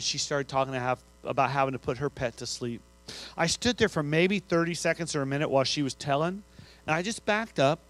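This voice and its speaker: Man giving a storytelling assembly speech. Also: fairly high pitch. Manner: storytelling, swings from loud to hushed. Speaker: school assembly speaker. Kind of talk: motivational speech to students. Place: school gym assembly.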